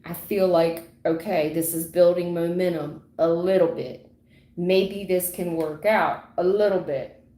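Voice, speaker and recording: A woman giving a livestream tarot reading in a dramatic, repetitive way, acting out sudden endings with loud exclamations. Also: lowish voice, steady tone, measured pace. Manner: dramatic, repetitive, full of sound effects. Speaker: tarot reader. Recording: echoey room.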